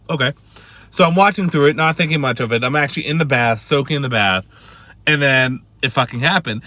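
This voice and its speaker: Casting: bright-voiced male vlogger, excitable fan rant, lots of cursing and restarts. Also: medium pitch, dry recording. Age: adult with a wife and family. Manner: swearing, emphatic, stammering restarts.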